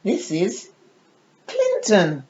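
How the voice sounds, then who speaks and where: A woman's voice: medium pitch, wildly swooping pitch, very slow. Lady unboxing a baby doll, coos baby talk at it, muffled lo-fi sound, noisy background. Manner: coos in sing-song baby talk to dolls. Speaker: doll collector vlogger. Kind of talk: casual unboxing chat. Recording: dull lo-fi audio with clear background noise.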